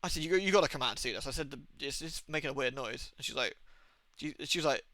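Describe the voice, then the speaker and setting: A man's voice: medium pitch, quick pace, no echo. A young man with an English accent, a game streamer telling rambling, sweary stories in casual chat. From England. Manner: rambling, sweary, animated storytelling.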